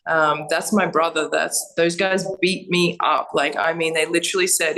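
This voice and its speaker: A woman's voice: low voice, steady tone, moderate pace, a bit bright, low-quality recording. A young Australian woman, a fighter, chatting as a podcast guest, blunt and laughing, swearing freely. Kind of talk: casual podcast chat. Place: Thailand.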